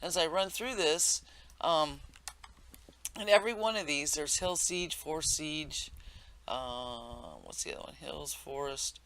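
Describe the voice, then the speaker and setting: A man's voice: a little high, measured pace, a bit bright. A man giving casual, rambling commentary over his gameplay, full of fillers and self-corrections as he explains the game. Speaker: game tutorial narrator.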